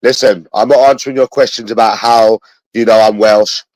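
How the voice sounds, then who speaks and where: Low-voiced bitter London man ranting. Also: steady tone, moderate pace, a little mellow, no room sound, poor audio. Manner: bitter, repetitive, swears often. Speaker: livestreamer talking to his chat. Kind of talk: rambling livestream monologue.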